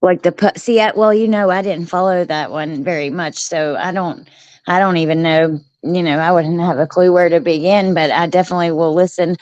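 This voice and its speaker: A woman hosting a casual chat, relaxed and agreeable in how she talks. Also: lowish voice, brisk, no echo, lo-fi sound. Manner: relaxed, agreeable, laughs easily. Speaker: show host.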